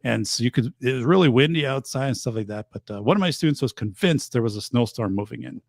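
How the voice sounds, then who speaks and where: A man's voice: medium pitch, fast, vocal fry, no room sound, studio quality. A man, hosting a show and telling rambling stories in casual chat. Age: 50s. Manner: animated rambling storyteller. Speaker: show host and teacher.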